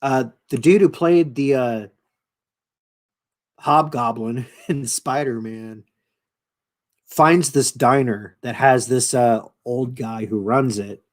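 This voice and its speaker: A man's voice: medium pitch, slow pace, pauses often. A man hosting his own channel, casually retelling a show in a rambling, profane way with lots of fillers. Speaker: channel host.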